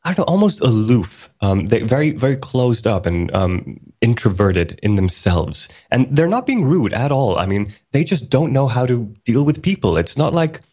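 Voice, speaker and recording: A man's voice: mid-range voice, big pitch swings, normal speed, few pauses, darkish tone, slightly rough. A man from Sweden co-hosting a podcast, talking casually with frequent hesitations and fillers. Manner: hesitant, many fillers and restarts. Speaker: podcast co-host.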